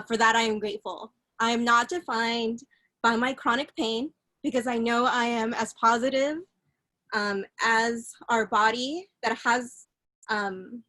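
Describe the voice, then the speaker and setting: Bright-voiced woman reading slowly on a video call. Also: a little high. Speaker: workshop participant. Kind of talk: reading an affirmation aloud.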